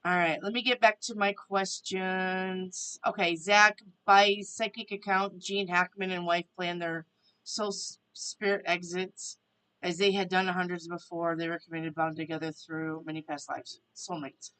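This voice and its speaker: A woman's voice: on the low side, flat delivery, a little slow, a bit bright, clear, resonant tone, low-quality recording. A woman hosting a casual live stream, chatting to viewers and reading their questions aloud. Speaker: tarot reader and live stream host.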